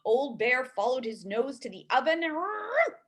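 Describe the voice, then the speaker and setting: A woman cantor reading a bedtime story aloud for young children in a lively, expressive way. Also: fairly high pitch, moderate pace.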